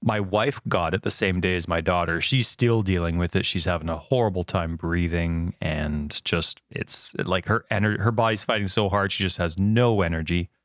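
A man in his thirties, co-hosting a casual chat and telling rambling, animated stories with lots of fillers. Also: low voice, normal speed, hardly any pauses, no echo, studio quality. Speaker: podcast co-host.

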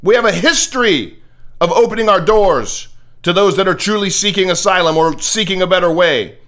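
A man's voice: high voice, moderate pace, fairly bright tone. Impassioned American man hosting commentary. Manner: impassioned, preachy, repeats words when starting a thought. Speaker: political commentary host. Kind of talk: opinionated monologue.

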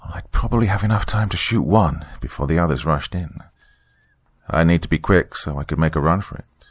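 A man narrating a first-person horror story in a steady, grave way. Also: low-pitched, a little fast, slightly rough, no echo.

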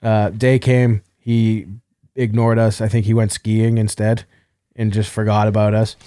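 A man's voice: fairly low pitch, level tone, measured pace, dark tone, no room sound. A man hosting a podcast, telling stories in casual banter and laughing often. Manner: storytelling, laughs often, crude. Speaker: podcast host.

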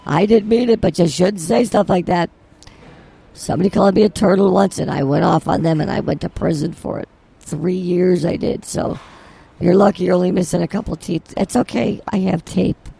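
A man's voice: sits high, fairly even intonation, moderate pace, gravelly, warm tone, husky. A man co-hosting an improvised comedy podcast in a grocery store, blustering with mock-angry threats. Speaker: podcast co-host.

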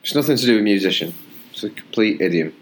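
Young man from Britain, lowish voice, casual and sweary, swings up in pitch when excited. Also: quick pace. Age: young adult. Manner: loose, swearing, laughing, lively jumps in pitch. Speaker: podcast co-host running a slang quiz. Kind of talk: casual banter.

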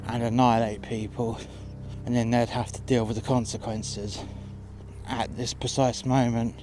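Man, furious profane rant, mid-pitched voice, over clear guitar music. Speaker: podcast narrator, door staff. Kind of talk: angry monologue rant.

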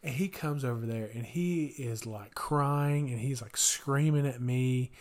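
A man's voice: medium pitch, a little slow. A young man co-hosting a podcast, telling a story in casual chat and jumping into the voices of the people in it. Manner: animated storyteller, acts out kids' voices. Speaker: podcast co-host.

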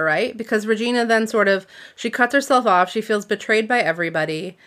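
A chatty woman talks through a novel's plot at a mid-range pitch, full of energy. When she reads passages aloud, she leans into the drama. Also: a bit bright. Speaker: podcast host. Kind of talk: casual book discussion and reading aloud.

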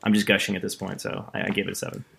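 A man's voice: sits low, completely flat delivery, rapid-fire, creaky, pushed and bright. A young man co-hosting a casual film chat, enthusiastic and rambling, often acting out quoted lines. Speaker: podcast co-host.

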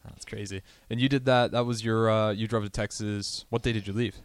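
A man's voice: fairly low pitch, fairly even intonation, brisk, clear, resonant tone, no echo. A man co-hosting a radio show, chatting in an easygoing way and asking questions. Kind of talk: casual radio chat. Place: radio studio. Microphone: studio microphone.

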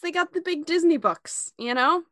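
A woman's voice: very high-pitched, expressive, normal speed, sharp tone, dry recording, studio quality. A woman co-hosting a podcast, chatting casually about a TV episode, laughing easily and using fillers. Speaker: podcast co-host. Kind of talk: casual chat reviewing a TV episode.

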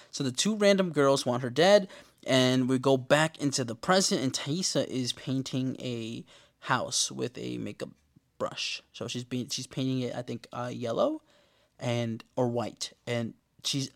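Laid-back man recapping a TV show. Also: mid-range voice. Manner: slangy, laid-back, quick asides. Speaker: TV episode recapper.

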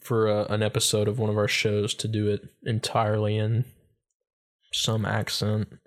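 A man's voice: lowish voice, monotone, moderate pace. A man co-hosting a podcast in casual chat, giddy and giggly, often restarting his sentences. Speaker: podcast co-host.

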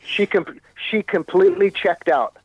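A man from Canada, speaking in a high voice with a breathy edge, shares a personal story as an interview guest. He halts often, repeating and restarting phrases, and the lo-fi recording has no room sound.

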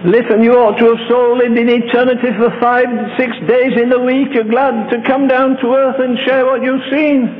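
High-voiced older man preaching fervently. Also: flat delivery, normal speed, few pauses. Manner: fervent, pleading, tells anecdotes with put-on voices. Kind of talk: sermon. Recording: tinny old tape in a large hall with hum.

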